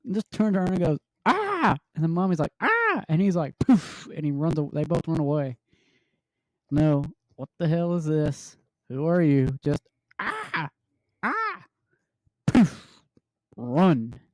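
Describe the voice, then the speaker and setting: Excitable male co-host, slightly high voice, dry close sound, casual podcast banter. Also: moderate pace, dry recording. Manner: excitable, acts out scenes with yelps. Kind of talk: casual movie review chat.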